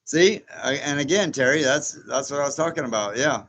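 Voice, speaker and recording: A man's voice: on the high side, brisk, a bit bright, slight background noise. A man in his sixties chatting casually as host of a livestream, reading viewer comments aloud, rambling and chuckling often. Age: 60s. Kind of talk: casual live chat.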